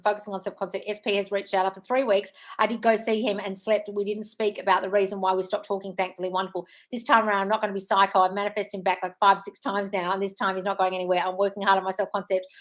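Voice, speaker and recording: A brisk woman in her thirties hosting a casual live stream. She reads viewer questions aloud and answers each one with quick, frank reassurance. Her pitch sits in the middle of the usual range, and she keeps calling people "darling". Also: level tone, fairly bright tone. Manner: frank and breezy, calls listeners "darling". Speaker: manifestation coach hosting a live Q&A.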